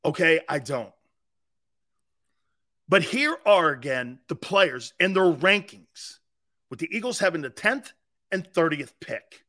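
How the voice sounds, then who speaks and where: A man's voice: fairly high pitch, animated, takes it slowly, long pauses, pushed and bright. A man hosting a live football talk show, blunt and mocking. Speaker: sports talk show host. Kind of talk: live sports radio talk.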